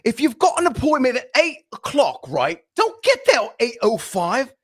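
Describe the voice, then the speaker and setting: A man's voice: extremely high pitch, wildly swooping pitch, moderate pace, voice pushed up, heavily acted. A man putting on a British accent to play a brash figure lecturing people about being on time. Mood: scolding. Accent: put-on British. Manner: loud, scolding.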